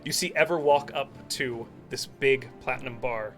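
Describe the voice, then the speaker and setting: A man narrating as game master of a tabletop role-play, lively and theatrical. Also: mid-range voice, moderate pace, soft background music.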